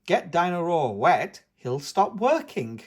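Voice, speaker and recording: A man's voice: fairly high pitch, big pitch swings, slow pace, slightly rough, voice pushed up, exaggerated voice. A man voicing a kind mother pig in a storybook read-aloud, soothing and motherly. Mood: reassuring.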